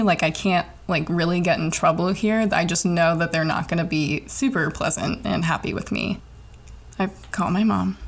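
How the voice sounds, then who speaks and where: A young woman in college, hosting her own podcast and telling a personal story in a chatty, animated way, swearing often and filling her talk with "like". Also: lowish voice. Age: young adult. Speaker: podcast host.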